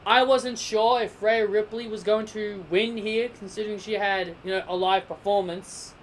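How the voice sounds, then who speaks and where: Casting note: casual wrestling reviewer, mid-pitched, prone to heated rants, with faint background hiss. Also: moderate pace. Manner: animated, gets heated and emphatic in rants; self-correcting, sidetracked chatter.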